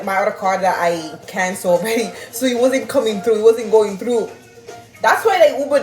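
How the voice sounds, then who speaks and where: A young woman chats to her viewers, animated and laughing. Her voice sits a little high. The sound is roomy, with faint music behind her. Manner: animated, swearing, laughing, reading chat aloud. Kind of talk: casual storytelling to viewers.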